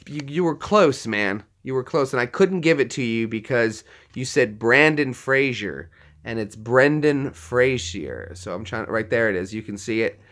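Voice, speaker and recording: A man's voice: mid-range voice, a bit bright. A man hosting a casual live-stream trivia game, teasing players and laughing often as he reads their answers. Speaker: trivia host.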